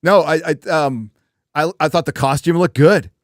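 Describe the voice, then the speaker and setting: A man's voice: a little high, moderate pace, no echo, clean studio sound. A man on a casual show panel, joking and swearing as he chats. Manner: profane, laughing banter. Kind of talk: casual chat.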